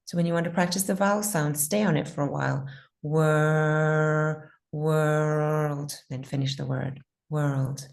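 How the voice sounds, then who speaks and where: A woman teaching pronunciation in an online class, patiently modeling words slowly and repeating them. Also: low-pitched, vocal fry, darkish tone.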